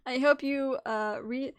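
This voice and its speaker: A young woman live-streaming in casual chat, teasing her friends playfully and swearing freely. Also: high voice.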